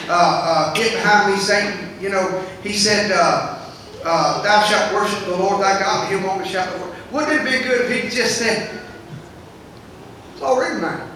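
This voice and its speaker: A man preaching a sermon as pastor, building to loud, fervent climaxes and dropping back to quiet asides. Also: high voice, normal speed, a little hiss or hum. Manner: preaching with swelling, shouted climaxes. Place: church sanctuary. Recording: echoey church hall, mic far off.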